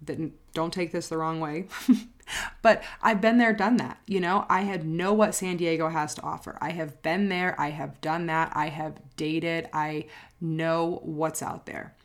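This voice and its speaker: A woman's voice: low voice, fairly even intonation, measured pace. A woman life coach talking straight to camera in a personal vlog, earnest and reflective, repeating phrases for emphasis and sounding close to tears. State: emotional, near tears.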